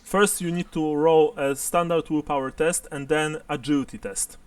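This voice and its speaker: A man's voice: a little high, steady tone, moderate pace, clear, resonant tone, dry recording, recorded from a distance. A man narrating and explaining rules as game master of a tabletop game, laughing often.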